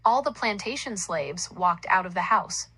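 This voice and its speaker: Woman narrator, story reading, bright voice, even delivery. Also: lowish voice, moderate pace, slightly rough, poor audio.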